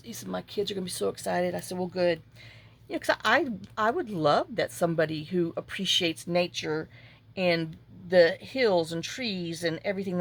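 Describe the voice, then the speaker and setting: A woman's voice: on the low side, vocal fry. A middle-aged woman, chatting casually while she crafts and retelling conversations at length. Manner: rambling storytelling, reenacting conversations. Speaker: junk journal crafter.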